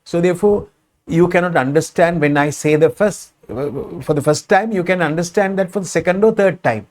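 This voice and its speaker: A man with a Sri Lankan English accent, a Sinhala speaker, teaching a spoken English lesson and explaining each phrase again and again, sometimes slowing down for examples. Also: sits high, a little mellow.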